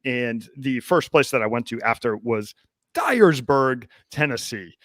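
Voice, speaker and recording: A man's voice: medium pitch, a little slow, fairly bright tone, no echo, clean studio sound. A man hosting a podcast, talking casually and rambling with lots of fillers and restarts. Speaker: podcast host.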